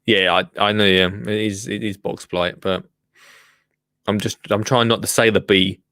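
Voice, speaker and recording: A man hosting a casual livestream, chatting and joking as he reacts to a gardening show. He often restarts his sentences and coos at his plants in a high, sing-song voice. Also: steady tone, normal speed, pushed and bright, dry recording, clean studio sound. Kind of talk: casual chat.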